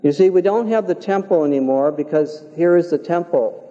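Warm-voiced older man preaching in a hall. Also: fairly high pitch. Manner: earnest, measured, folksy storytelling. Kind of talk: sermon. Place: church sanctuary. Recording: dull, reverberant church hall.

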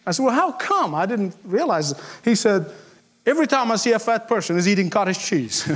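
A man's voice: high voice, big pitch swings, brisk, fairly bright tone, a little hiss or hum. A man preaching a sermon, emphatic, repeating key lines and acting out the voices in his stories. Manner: emphatic, repeats lines for effect, acts out quotes.

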